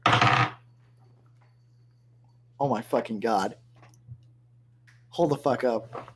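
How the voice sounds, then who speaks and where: A game master narrating a tabletop game on a stream, swearing freely and breaking off into quick jokes. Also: medium pitch, fairly bright tone, a little hiss or hum.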